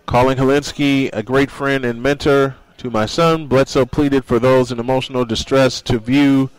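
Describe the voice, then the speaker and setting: A man's voice: medium pitch, steady tone, normal speed, no echo, poor audio. A man hosting a sports radio show, speaking earnestly in a monologue and reading quotes aloud.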